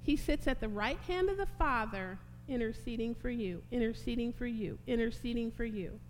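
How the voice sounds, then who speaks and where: A woman's voice: a little high, lively intonation, normal speed. A woman preaching a sermon, impassioned and rising to emphatic peaks. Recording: long hall reverb, faint hum.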